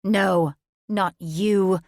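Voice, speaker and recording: A woman voicing a coven of stern elder witch sisters, speaking slowly and forcefully with a cold, menacing edge. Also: mid-range voice, steady tone, dry recording, clean studio sound.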